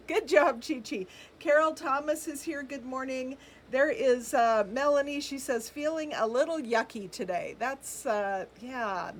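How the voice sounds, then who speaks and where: Brief: middle-aged woman, bright-pitched, chatty live-stream host, faint room hum. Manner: chatty, greets viewers by name, frequent ums and laughs. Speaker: boutique live-sale host. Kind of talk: casual live-stream chat reading viewer comments.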